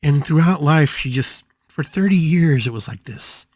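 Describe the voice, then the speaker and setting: A man's voice: on the high side, lively intonation, moderate pace, a little mellow, slightly rough, no echo. Dramatic male podcast storyteller. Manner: dramatic, emphatic, repeats phrases for effect. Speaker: podcast host. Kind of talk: spiritual storytelling talk.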